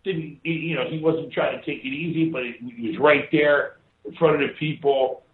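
A man's voice: a little high, fairly even intonation, normal speed, a little hiss or hum. A man from Hawaii, a former wrestler, telling stories in a rambling, casual way and swearing freely. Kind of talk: casual storytelling. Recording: echoey, tinny phone-like sound.

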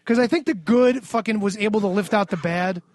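A man's voice: high-pitched, a little fast, darkish tone, no echo. A man recapping a wrestling show on a podcast in a sarcastic, ranting way with lots of swearing. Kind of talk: casual profane recap.

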